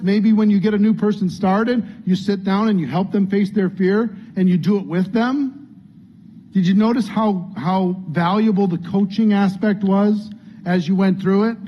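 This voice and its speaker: A man's voice: high-pitched, slight background noise. A man coaching a training group, earnest and conversational, acting out what people might say. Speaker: business coach. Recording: dull lo-fi sound, faint room ambience.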